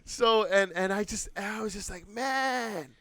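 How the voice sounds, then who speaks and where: Animated, swearing male podcast storyteller. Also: sits high, moderate pace, dry recording. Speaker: podcast co-host. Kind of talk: casual chat.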